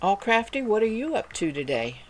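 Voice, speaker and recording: A woman's voice: medium pitch, very animated, moderate pace. A woman hosting a spinning livestream, chatting casually and reading viewer messages aloud in a friendly, rambling way. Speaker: livestream host.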